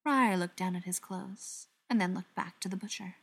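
A woman narrates an audiobook in a calm, measured way. Her voice sits at a middle pitch, and her delivery stays steady throughout. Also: gravelly, husky. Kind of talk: scripted narration.

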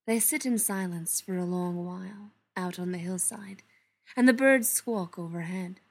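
A woman narrates a story slowly and gently, letting lines settle before moving on. Her delivery is soft and often sinks almost to a whisper. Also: on the low side. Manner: soft, unhurried, often hushed. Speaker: reader. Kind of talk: storybook narration read aloud.

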